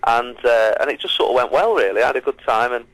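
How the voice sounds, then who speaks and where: Bright-voiced comedian. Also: male voice, mid-range voice, animated, dry recording, poor audio. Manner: quick, anecdotal, self-mocking. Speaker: comedian guest. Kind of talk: radio interview chat. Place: radio studio.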